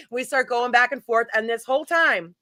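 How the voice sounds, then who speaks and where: A middle-aged woman, a guest on a paranormal talk show, telling a lively anecdote in casual chat. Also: fairly high pitch, moderate pace, no room sound. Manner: animated, chatty anecdote-telling with laughs. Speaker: guest, paranormal event organizer.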